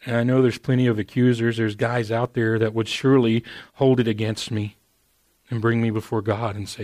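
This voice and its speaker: A man's voice: medium pitch, a little fast, no echo. Earnest, conversational male preacher, dry sound. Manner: conversational and earnest, with repeated "man"; swings from quiet intimate passages to raised emphatic ones. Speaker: pastor. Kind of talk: sermon.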